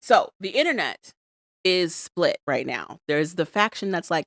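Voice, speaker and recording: A woman co-hosting a podcast, recapping reality TV in an animated, exasperated, emphatic way. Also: on the low side, normal speed, dry recording, clean studio sound. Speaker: podcast co-host. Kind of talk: casual chat recapping reality TV.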